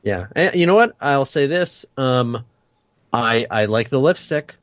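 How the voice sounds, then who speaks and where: A man's voice: mid-range voice, lively intonation, a little slow, no room sound, muffled recording. A man co-hosting a casual podcast chat, joking wryly and hedging with lots of "like". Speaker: podcast co-host.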